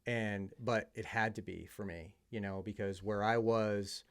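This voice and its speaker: A man with a fairly low voice speaks as a podcast guest. He tells his story in an earnest, heartfelt way, with plenty of um's and restarts. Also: fairly even intonation, unhurried, clean tone. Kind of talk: personal testimony in conversation.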